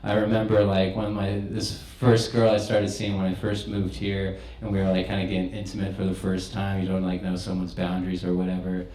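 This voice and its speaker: A man's voice: sits low, completely flat delivery, a little fast, few pauses, dark tone. A young man performing a stand-up set in a comedy club, crude and conversational, laughing at his own jokes. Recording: echoey club room.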